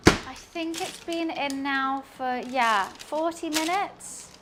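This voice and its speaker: A woman's voice: high-pitched, takes it slowly, very noisy. A young woman, chatting casually and giggling as she answers her live-stream chat while cooking in her home kitchen.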